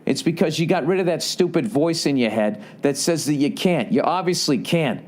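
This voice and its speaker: A man's voice: fairly high pitch, animated, moderate pace, darkish tone. A man hosting a podcast, reading listener letters aloud and giving blunt, profane advice with rambling asides. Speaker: podcast host.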